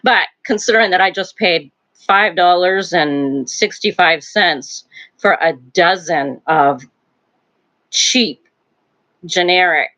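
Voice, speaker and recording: A woman's voice: low-pitched, a bit bright, dull audio. An older woman hosting a casual live stream from home, chatting in a rambling way and laughing often. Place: home, near a wood stove.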